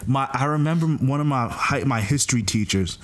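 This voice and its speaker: Young canadian guy hosting a podcast, jokey and animated, mid-pitched voice. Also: a little fast. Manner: joking, animated storyteller. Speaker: podcast host. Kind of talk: casual podcast chat.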